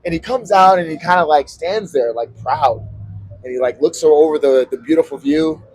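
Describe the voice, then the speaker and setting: A husky-voiced man spins a casual story for a podcast, jumping into the voices of the people he quotes. His voice sits a touch high for a man, and he curses easily as he talks on an outdoor balcony. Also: normal speed, a little mellow. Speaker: podcast co-host.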